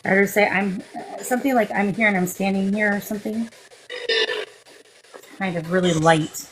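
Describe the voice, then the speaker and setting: A woman's voice: mid-range voice, normal speed, slight background noise, low-quality recording. A woman hosting a live-stream psychic session as a medium, calling spirits with endearments and speaking into a phone. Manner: coaxing, affectionate, talks to spirits with endearments.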